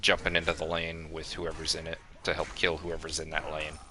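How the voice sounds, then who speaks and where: A young man explaining a game plainly and calmly while streaming it. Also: rumbling low, brisk, slight background noise. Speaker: gaming streamer.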